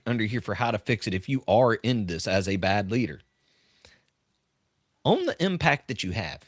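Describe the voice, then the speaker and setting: A man's voice: medium pitch, a bit bright, no room sound, studio quality. A middle-aged man who coaches leaders, hosting a live-stream podcast. He speaks earnestly and emphatically, tells stories, and repeats his key points. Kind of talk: live-stream talk with storytelling.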